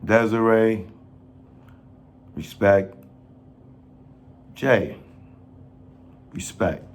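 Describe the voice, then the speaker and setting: A man in a casual rant to camera, pleading and joking, with slang and sudden rises in pitch when he gets worked up. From New York. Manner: slow, pleading, street slang, laughs at own jokes, pitch jumps when worked up. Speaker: filmmaker addressing industry figures.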